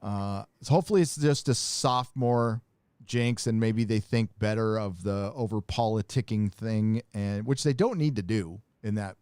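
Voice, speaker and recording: A man's voice: on the low side, normal speed, a little mellow, clear, resonant tone, dry recording. A man hosting a live podcast, chatting casually and rambling with lots of profanity. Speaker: host. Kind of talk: casual livestream chat.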